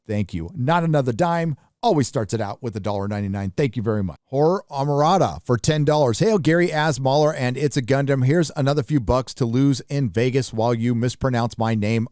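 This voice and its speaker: Man with a dark, dry voice reading donations. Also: medium pitch, no echo. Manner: reads donor messages aloud with quick asides. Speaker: host reading viewer donations. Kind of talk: casual livestream chat.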